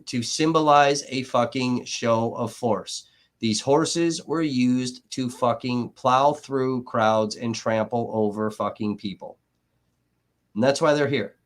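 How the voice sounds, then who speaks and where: Man ranting profanely on a livestream. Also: mid-range voice. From Milwaukee area. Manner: angry, profane ranting with heavy swearing. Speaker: livestream host.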